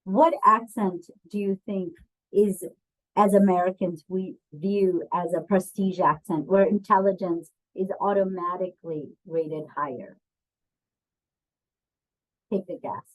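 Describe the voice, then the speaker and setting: A woman's voice: lowish voice, measured pace, low-quality recording. Woman leading a webinar with questions. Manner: conversational, poses questions to the audience; frequent ums and restarts. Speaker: diversity and bias trainer. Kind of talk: webinar presentation.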